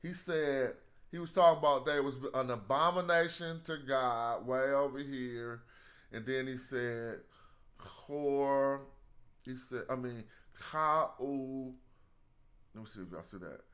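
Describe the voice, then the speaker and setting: A man's voice: mid-range voice, takes it slowly, a bit bright. A man hosting a casual live study stream, thinking aloud in slang as he works through hieroglyphs.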